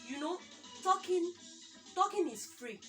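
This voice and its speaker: A woman's voice: extremely high pitch, measured pace. A young Nigerian woman with a Nigerian accent, chatting casually as co-host and telling stories animatedly, taking on other people's voices. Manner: animated storyteller acting out quoted people. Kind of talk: casual chat. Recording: far from the mic, with music behind.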